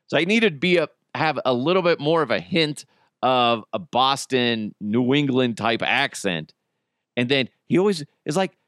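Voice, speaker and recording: A man's voice: medium pitch, lively intonation, normal speed, a bit bright, dry recording, studio quality. A man hosting a casual solo podcast, rambling and joking, swearing freely. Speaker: podcast host.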